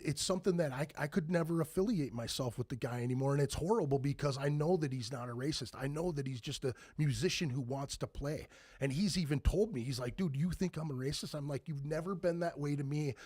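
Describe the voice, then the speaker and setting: A man in his forties, a band member guest on a podcast, telling stories in a lively, profane way and loudly acting out what people said. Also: mid-range voice, no echo, clean studio sound. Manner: animated, profane, acts out quoted lines loudly. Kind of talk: casual podcast storytelling.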